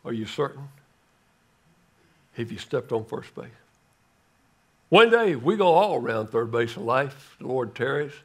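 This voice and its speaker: An older man preaching a sermon, telling a story dramatically and swinging from loud calls to hushed words. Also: medium pitch, animated, a little slow, pauses often, slightly rough. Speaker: guest preacher.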